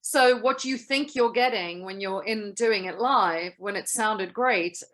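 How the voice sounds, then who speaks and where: A woman, a guest actress, telling stories in a lively, chatty way in a casual interview. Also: mid-range voice, a little slow.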